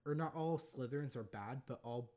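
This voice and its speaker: A man's voice: mid-range voice, normal speed, mellow. A man chatting casually about a movie, laid-back and saying "like" a lot. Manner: laid-back, leans on "like" and "for sure".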